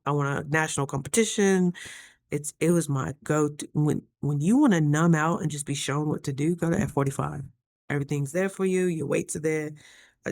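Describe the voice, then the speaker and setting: A woman vlogging casually to camera, telling stories with playful sass and jumping high in pitch when she quotes herself. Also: no room sound. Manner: animated storytelling with playful sass.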